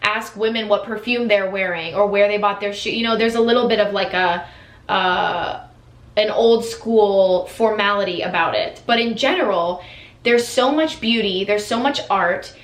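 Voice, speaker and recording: An American woman with a mid-range voice vlogs to camera at normal speed, casual and enthusiastic. Her speech has plenty of fillers and restarts, and the room is echoey.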